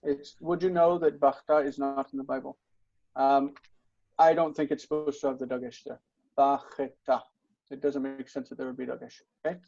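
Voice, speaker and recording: A man's voice: medium pitch, level tone, normal speed, vocal fry, a little mellow, dull audio. Patient man teaching over a call. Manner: patient, checks understanding often with "okay". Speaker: Biblical Hebrew teacher. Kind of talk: online tutoring session.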